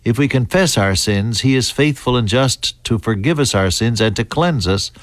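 American male Bible teacher, mid-pitched, deliberate delivery with restarts, dry close sound. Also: lively intonation, dry recording. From United States. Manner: deliberate, halting, with fillers and restarts. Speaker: preacher.

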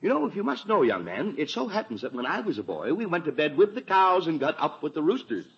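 A man's voice: fairly high pitch, huge pitch swings, fast, husky, heavily acted. A blustering exasperated father. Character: flustered middle-aged father, easily exasperated. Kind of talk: 1940s radio acting. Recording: dull old radio recording.

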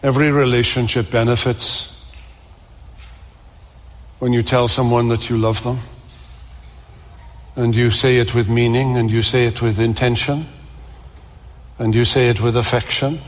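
A man's voice: medium pitch, level tone, a little slow, pauses often. A man preaching a sermon to a congregation, earnest and repetitive, often restarting his words. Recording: long reverb of a large hall.

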